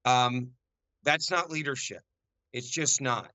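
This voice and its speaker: Forceful American man in heated debate. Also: medium pitch, slow pace, no echo. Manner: forceful, emphatic, repeats key phrases. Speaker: panel guest.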